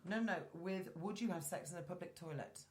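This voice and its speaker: A woman's voice: lowish voice, brisk, a little mellow, slight background noise. A woman hosting a chat show, chatting casually and reading news stories aloud, stumbling over names. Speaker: host. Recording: roomy echoey room.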